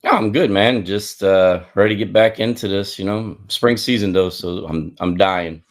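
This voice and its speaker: A man's voice: lowish voice, normal speed. A man co-hosting a sports podcast, talking in a loose, easygoing conversational way. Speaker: podcast co-host. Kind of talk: casual sports chat.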